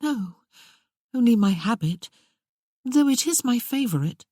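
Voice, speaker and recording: A spirited young Regency lady, curious and teasing, as a woman puts her on. She talks in a bright, wondering way with a slightly husky edge, recorded dry and close. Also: a little high, animated, unhurried, dry recording, voice pushed up. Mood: wistful.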